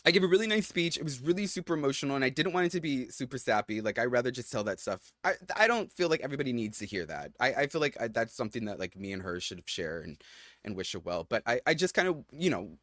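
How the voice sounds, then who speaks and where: A man's voice: quick pace, dry recording. Guy rambling thru a story on a podcast, lots of um and like, dead dry mic. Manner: chatty storyteller, lively swings in pitch, frequent fillers. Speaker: podcast co-host. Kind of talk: casual chat.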